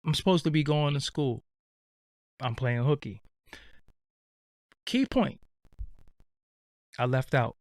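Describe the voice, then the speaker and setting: A man's voice: mid-range voice, animated, slow pace, pauses often, no echo, clean studio sound. A man telling a comedic story in blunt, streetwise talk full of swearing. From Brooklyn, New York. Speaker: show host.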